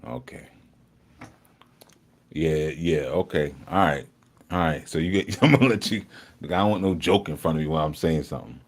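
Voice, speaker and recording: Deep-voiced man teaching casually. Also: animated, moderate pace, long pauses. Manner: conversational, laughs often, swings between loud and hushed; teasing, joking with the chat. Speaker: spiritual teacher hosting a live study. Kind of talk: casual live-streamed study talk.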